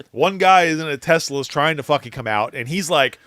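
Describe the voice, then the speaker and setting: A man's voice: fairly high pitch, animated, brisk, fairly bright tone, dry recording, studio quality. Ranting, profane male podcast co-host. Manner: ranting, profane, exaggerates for laughs. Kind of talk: casual chat.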